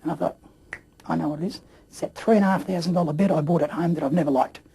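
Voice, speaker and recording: Very husky man telling a story. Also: on the high side, fairly even intonation, fast talker, mellow. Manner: rambling, with many fillers and throat clearing. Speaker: interview guest. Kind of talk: casual storytelling.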